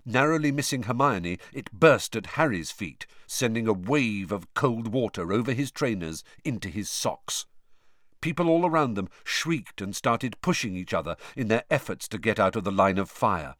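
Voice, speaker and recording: Low voiced guy reading a story out loud, very expressive, dry sound. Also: normal speed, dry recording. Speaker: audiobook narrator. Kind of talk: storybook narration.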